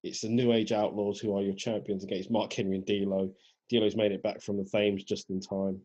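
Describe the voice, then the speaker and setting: A man co-hosting a podcast, recapping events in a laid-back, casual way with a husky voice. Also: on the low side, level tone, normal speed, mellow. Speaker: podcast co-host. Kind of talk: casual chat. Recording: dull lo-fi podcast audio.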